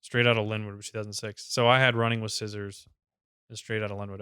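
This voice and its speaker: Quick fired-up male co-host, clear voice in a dry close mic, swears a lot. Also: on the low side, flat delivery, sharp tone, no room sound. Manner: fast, fired-up, profane ranting. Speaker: podcast co-host. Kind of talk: casual ranting chat.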